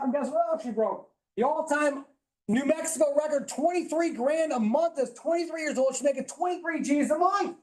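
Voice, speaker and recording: A man giving an emphatic, preachy, high-energy motivational talk to a live audience, at times yelling. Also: a little fast. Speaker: motivational speaker at a business training. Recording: roomy echo in a hall.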